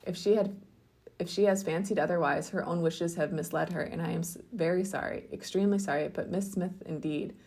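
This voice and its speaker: A woman's voice: fairly low pitch, fairly even intonation, fairly quick, darkish tone, slightly rough. A woman reading the part of a conceited young clergyman, effusive and pompous in his declarations. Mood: ardent.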